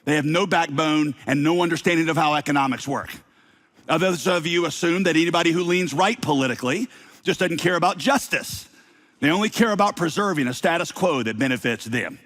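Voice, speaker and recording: A middle-aged man with a slight Southern accent, preaching a sermon to his congregation with lively delivery and playful asides. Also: on the high side, a little fast. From Southern United States. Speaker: pastor.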